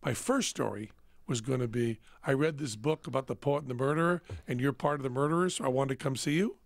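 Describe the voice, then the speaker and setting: A man's voice: medium pitch, quick pace, vocal fry, no echo. A man hosting a podcast, telling a self-mocking story and acting out the dialogue. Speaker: host. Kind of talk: casual storytelling chat.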